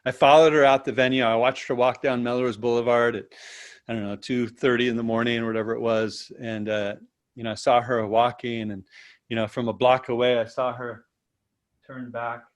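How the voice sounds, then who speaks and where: A man as an interview guest, telling a personal story in a lively, casual way and often tagging his sentences with "right?". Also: medium pitch, a little fast. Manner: animated, tags sentences with "right?".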